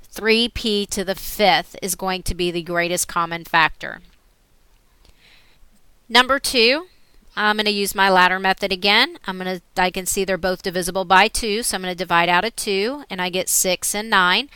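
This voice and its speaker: Bright, clear woman teaching algebra step by step. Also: medium pitch, moderate pace, dry recording. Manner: steady step-by-step explaining. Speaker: math teacher. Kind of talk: recorded screen lesson.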